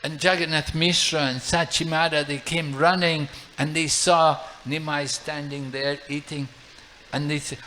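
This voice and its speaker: A man, a monk, narrating a devotional story in a sermon, unhurried and repetitive. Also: on the high side, level tone, a bit bright, a little hiss or hum, rough recording. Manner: unhurried, repeats phrases while narrating. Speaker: monk and lecturer.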